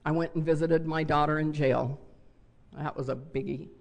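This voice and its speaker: A woman's voice: low-pitched, steady tone, normal speed, creaky, darkish tone. An older woman sharing her personal story at a recovery convention, talking in a candid, heartfelt way. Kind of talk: personal share talk. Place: hotel convention ballroom.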